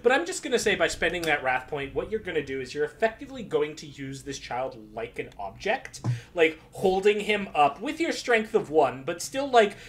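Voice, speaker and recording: A man narrating as game master of a tabletop game. His pitch swings widely and he stumbles and restarts often. He breaks into laughter between lines. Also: sing-song, slight background noise. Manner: laughing, halting, stumbles over words.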